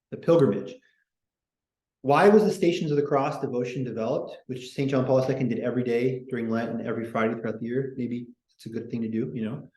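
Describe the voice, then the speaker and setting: A man hosts a casual history talk, reading quotes and wandering into opinionated asides. His voice sits at a middle pitch. The recording carries a noticeable room echo. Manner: digressive, opinionated, animated asides. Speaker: podcast host. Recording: echoey room.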